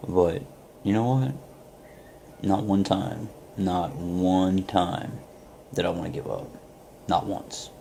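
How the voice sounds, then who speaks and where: Guy, low mellow voice, earnest pep talk, lots of "you know". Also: a little slow, vocal fry, pauses often, slight background noise. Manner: earnest, storytelling, many fillers. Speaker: network marketer. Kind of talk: motivational talk to camera.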